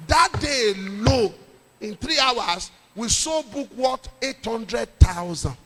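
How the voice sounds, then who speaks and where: A middle-aged Nigerian man, a pastor, telling a lively story in a sermon with jokes and pidgin. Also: extremely high pitch, takes it slowly, long reverb tail.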